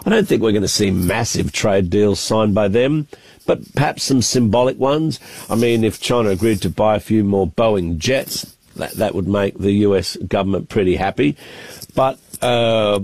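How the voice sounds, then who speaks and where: A man's voice: fairly low pitch, normal speed, a little mellow, dry recording. Chatty male foreign correspondent, live. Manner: chatty, thinking aloud with frequent restarts. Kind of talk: live news cross, unscripted analysis. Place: Beijing, reporting remotely.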